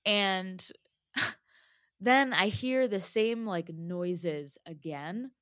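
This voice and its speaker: A woman's voice: medium pitch, very slow, clear, resonant tone, no echo, studio quality. A woman telling a personal story in a casual chat, with lots of "like" fillers. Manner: chatty, lots of "like", animated retelling.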